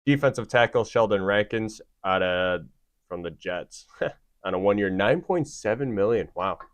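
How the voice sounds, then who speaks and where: Low-voiced man chatting football. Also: lively intonation, moderate pace, no room sound. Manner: reads off stats with laughs. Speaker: podcast host. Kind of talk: casual sports chat.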